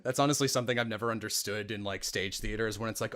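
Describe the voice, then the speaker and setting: A man hosting a casual chat about voice acting, animated and breaking into demo voices, his voice tired after a long day. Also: fairly low pitch, fast talker, few pauses. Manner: animated, demonstrates voices mid-sentence. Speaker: podcast host.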